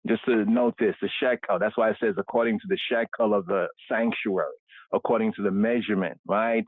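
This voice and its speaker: A man's voice: fairly low pitch, no echo. A man leading an unscripted scripture word study who tags nearly every phrase with "right?" and repeats words over and over. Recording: tinny phone-line sound, dry.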